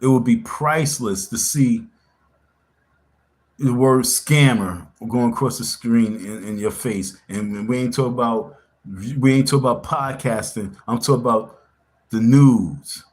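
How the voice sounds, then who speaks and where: A man hosting a casual livestream speaks in a mid-range voice at a measured pace, pressing his points confrontationally and repeating himself for emphasis.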